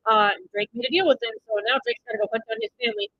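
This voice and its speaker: A woman streaming a watch party, blurting excited reactions, swearing, and recapping the plot in loose, rambling sentences. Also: fairly high pitch, racing, muffled recording, a little hiss or hum. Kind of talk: live watch-party commentary.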